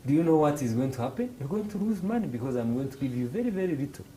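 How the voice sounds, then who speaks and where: Animated Rwandan man teaching finance. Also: fairly high pitch, very fast, slight background noise, poor audio. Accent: Rwandan English. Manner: animated, acts out dialogues in raised voices, hesitant restarts. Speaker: financial literacy instructor. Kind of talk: classroom explanation with acted examples.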